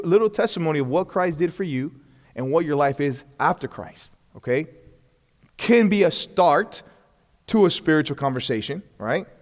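Guy teaching a bible class, kinda high voice, chatty, lots of okay? right?, big echoey hall sound. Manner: animated, often acts out quoted dialogue; frequent restarts and check-ins. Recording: long hall reverb.

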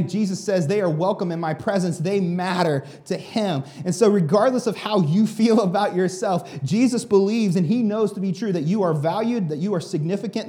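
A man's voice: sits high, dark tone. A male pastor giving a sermon in a casual, conversational way with many fillers.

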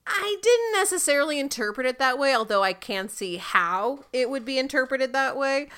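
Woman, podcast co-host, thoughtful casual chat, bright crisp voice. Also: on the high side. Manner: thoughtful, explains her view at length. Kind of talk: casual chat recapping a TV show.

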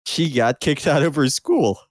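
A man's voice: on the high side, no room sound. A young man hosts a laid-back podcast, joking around and laughing easily. His voice swings up and down a lot as he talks. The sound is close and dry. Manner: animated, jokey, quick to laugh. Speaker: podcast host. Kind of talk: casual chat.

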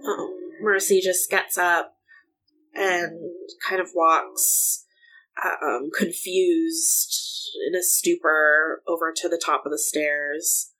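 A woman's voice: low-pitched, steady tone, slow pace, bright, forceful tone, poor audio. A woman player describing her character's actions in a tabletop game, hesitant, with many fillers.

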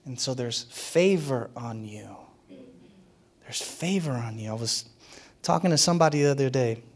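A man's voice: medium pitch, lively intonation, moderate pace. A man preaching a sermon as a pastor, in a conversational and playful way, often laughing and acting out what others said.

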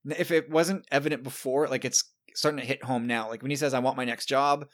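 A man's voice: mid-range voice, fairly even intonation, a little fast. Chatty man recapping an episode. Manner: chatty, restarts words often. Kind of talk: casual chat.

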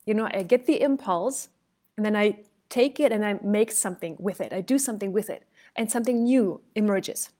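A woman voice and speech coach talking casually, telling a story and shifting her loudness to illustrate her points. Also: medium pitch, fairly quick. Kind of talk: conversational coaching talk.

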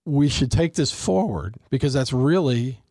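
A man's voice: medium pitch, animated, measured pace, darkish tone, dry recording. Man, forties, earnest, reflective, restarts his phrases, dry close mic. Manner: earnest, reflective, repeats words when starting. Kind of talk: faith discussion conversation.

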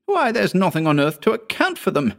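A panicky young male assistant, his voice shooting up high and thin as he protests in disbelief, as a deep-voiced male reader puts him on. The storybook figure's outbursts come sharp and breathless, far above the reader's own register. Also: huge pitch swings, fairly quick, vocal fry, heavily acted. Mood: frantic.

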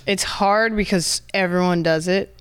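A woman's voice: fairly low pitch, steady tone, a little slow, clear, resonant tone. An American woman chatting casually as a podcast guest, laid-back, swearing freely and trailing off mid-thought. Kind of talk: casual chat.

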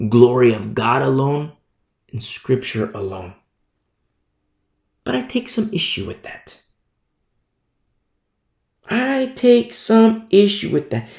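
A man's voice: fairly high pitch, gravelly, darkish tone, reverberant. A man preaching a sermon, emphatic and repetitive, firing off rhetorical questions.

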